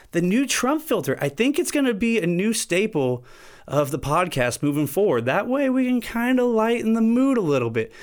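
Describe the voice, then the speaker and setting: High-pitched and talking at normal speed, a podcast host vents in a loose, jokey rant. He swears freely, stays animated and gets increasingly worked up.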